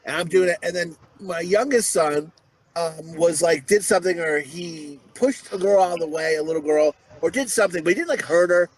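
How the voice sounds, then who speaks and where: A man co-hosting a podcast, telling crude stories with lots of swearing and acting out shouted quotes. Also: on the high side, brisk, low-quality recording. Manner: profane, animated, acts out shouted quotes. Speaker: podcast co-host. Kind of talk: crude comedic storytelling.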